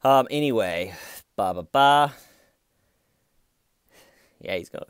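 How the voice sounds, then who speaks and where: A man's voice: mid-range voice, animated, slow, long pauses, smooth, dry recording, clean studio sound. A man giving casual, sarcastic commentary on a YouTube video, joking and conversational. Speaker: YouTube true-crime commentator.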